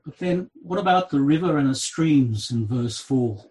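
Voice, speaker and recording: Guy preaching a sermon, highish voice that swoops all over, dramatic, reads scripture. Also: animated, rough recording. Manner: dramatic, slow delivery with wide swings in pitch and loudness. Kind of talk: expository sermon.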